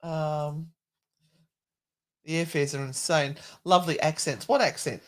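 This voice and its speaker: A middle-aged woman co-hosts a paranormal livestream, keeping the chat jokey and letting the occasional swear word slip. She speaks in a low-pitched voice with fairly even intonation, a little on the slow side.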